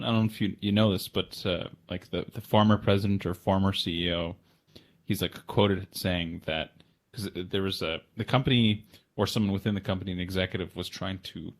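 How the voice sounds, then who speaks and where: A man co-hosting a podcast in casual chat, making relaxed, dry asides. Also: low voice. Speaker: podcast co-host.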